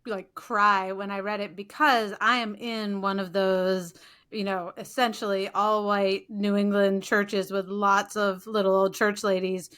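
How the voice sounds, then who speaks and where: A woman's voice: mid-range voice, level tone, a little slow, a bit bright, smooth. A woman hosting a podcast, responding appreciatively to her guest in conversation. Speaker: podcast host. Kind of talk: conversational interview.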